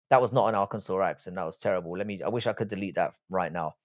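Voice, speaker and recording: A man's voice: deep voice, very fast. A British man hosting a live stream, chatting casually and reading out viewer comments. He rambles and swears freely, often restarting his sentences. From Britain. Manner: rambling, frank and profane, many restarts.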